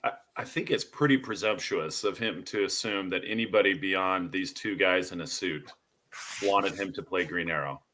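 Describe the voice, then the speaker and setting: A man co-hosting a casual comic podcast, joking and sometimes halting as he talks. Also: sits low, pushed and bright. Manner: jokey, puts on mock British voices. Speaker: podcast co-host.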